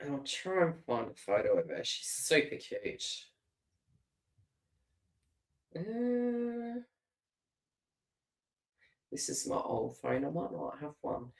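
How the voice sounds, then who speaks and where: A woman's voice: deep voice, big pitch swings, takes it slowly, creaky, pauses often. A middle-aged Australian woman giving a live tarot reading and chatting casually, laughing often and restarting her phrases. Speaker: tarot reader. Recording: roomy echo.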